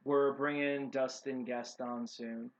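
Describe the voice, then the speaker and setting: A man's voice: mid-range voice, flat delivery, takes it slowly. A man co-hosting a casual chat, talking in an easygoing, enthusiastic way. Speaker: co-owner of a role-playing stream. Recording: dull lo-fi stream audio.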